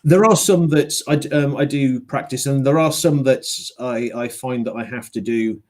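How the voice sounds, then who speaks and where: A man's voice: mid-range voice, normal speed, darkish tone. A middle-aged man from Yorkshire who narrates audiobooks, chatting loosely with a lot of fillers and restarts. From Yorkshire, England. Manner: rambling, many fillers and restarts. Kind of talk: casual conversation, online book club.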